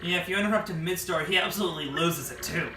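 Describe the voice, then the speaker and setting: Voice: medium pitch, very fast, roomy sound, recorded from a distance, music in the background. A let's play host giving offhand, joking commentary on a game, recorded on a phone. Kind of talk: casual gameplay commentary.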